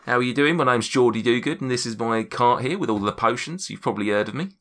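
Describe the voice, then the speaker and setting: A man's voice: mid-range voice, fast, fairly bright tone, natural voice. A man voicing a scheming little male gnome who sells potions, in a wheedling sales patter, in a tabletop game.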